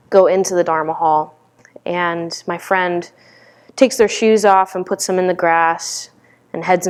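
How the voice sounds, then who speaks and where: A woman giving a dharma talk as a meditation teacher, telling stories in a candid, conversational way. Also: fairly low pitch.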